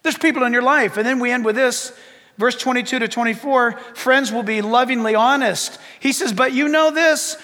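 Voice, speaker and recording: A man preaching a sermon as pastor, animated, acting out little dialogues and rising to shouts. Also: very high-pitched, moderate pace. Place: church sanctuary. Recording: long reverb of a church hall.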